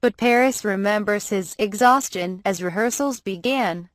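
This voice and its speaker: A woman reading a magazine profile aloud as scripted narration, measured and even. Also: mid-range voice, no echo. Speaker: article reader.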